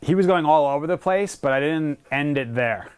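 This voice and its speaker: A male dog trainer giving a casual, hands-on lesson, explaining with quick asides and breaking off to praise the dog. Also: a little high, animated, clean tone. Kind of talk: casual instructional talk.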